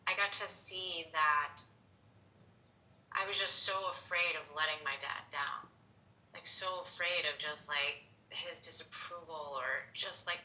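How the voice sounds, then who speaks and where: Bright-voiced woman in her thirties. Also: lowish voice, roomy sound, poor audio. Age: 30s. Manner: emotional, filler-heavy, says "like" constantly. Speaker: podcast guest. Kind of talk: personal storytelling.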